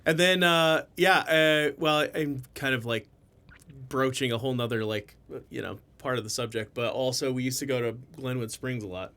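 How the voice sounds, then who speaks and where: A young man on a casual podcast with friends, at an ordinary middle pitch. He gropes for words, full of fillers and restarts. The talk is easygoing and unhurried. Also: pushed and bright, smooth. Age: young adult. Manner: halting, many fillers and restarts. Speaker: podcast co-host. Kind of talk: casual chat.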